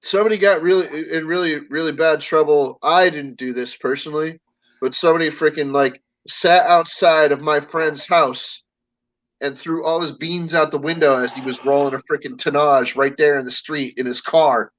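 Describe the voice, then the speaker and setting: A man with a high voice chats on a live stream, looping through his stories with fillers, restarts and the odd acted-out line. The audio is dull and lo-fi, like a cheap stream mic. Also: fairly even intonation, normal speed, a bit bright. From Connecticut. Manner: rambling storyteller, many fillers and restarts, acts out voices. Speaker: stream host. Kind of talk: casual chat.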